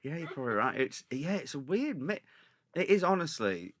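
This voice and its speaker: A man, a comedian, casually telling an animated, laughing anecdote. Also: fairly high pitch, normal speed. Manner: animated storytelling with laughter and shouted impressions. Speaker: comedian guest.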